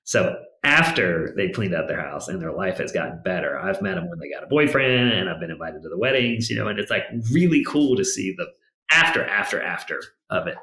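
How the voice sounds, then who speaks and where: A man's voice: low voice, big pitch swings, fairly quick, pushed and bright. A man speaking as a podcast guest in a casual interview, telling stories in a rambling way full of fillers. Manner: rambling, filler-heavy storytelling. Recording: roomy echo.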